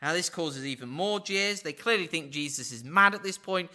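A man giving verse-by-verse Bible teaching, acting out quoted lines with big swings in pitch and dropping in wry asides. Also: lively intonation, normal speed, sharp tone.

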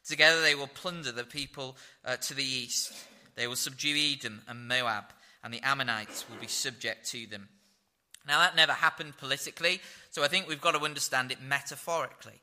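A man's voice: medium pitch, fairly even intonation, brisk, bright, forceful tone. A man preaching a sermon, reading scripture aloud and explaining it verse by verse. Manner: expository Bible teaching with fillers.

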